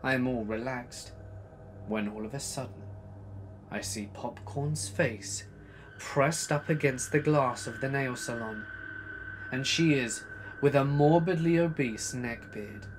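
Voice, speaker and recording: A man reading a scary true story as a narrator, dramatic, swinging between loud bursts and hushed asides. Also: medium pitch, measured pace, slight background noise. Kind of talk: scripted horror story narration.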